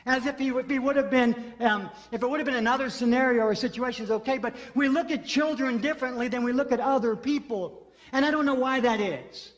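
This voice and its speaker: Speaking very high and fairly quickly, a pastor tells a story in his sermon, repeating phrases for emphasis. He's in a church sanctuary, and a long hall reverb hangs on his voice.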